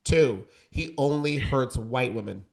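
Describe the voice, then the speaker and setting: A man's voice: mid-range voice, lively intonation, unhurried, gravelly. A man co-hosting a casual podcast debate, talking in an emphatic, campy, joking way. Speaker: co-host.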